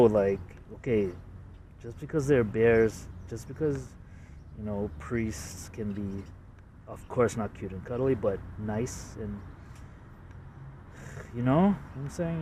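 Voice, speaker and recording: A man's voice: medium pitch, warm tone, recorded from a distance, slight background noise. A man from Canada casually walking through his drawings, hesitant and self-deprecating, with lots of fillers. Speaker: artist showing his drawings. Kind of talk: casual rambling walkthrough.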